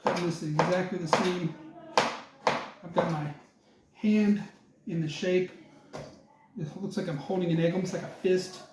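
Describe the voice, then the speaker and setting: A man's voice: high voice, fairly even intonation, a little slow, long pauses, a little hiss or hum. A man giving a casual cooking demonstration, chatting to viewers as he chops and preps. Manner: chatty, talks while working, addresses viewers as folks. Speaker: cooking instructor. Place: kitchen. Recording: echoey kitchen with loud clatter.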